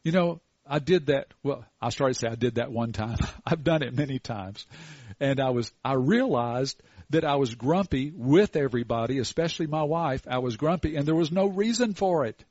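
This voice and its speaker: An older man preaching a sermon in a folksy, storytelling way with animated asides. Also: mid-range voice, moderate pace, no echo, highs cut off.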